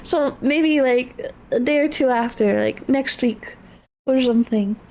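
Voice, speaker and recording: High-voiced woman chatting on stream. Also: measured pace, darkish tone. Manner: rambling, apologetic, emotional, many restarts. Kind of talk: casual livestream chat.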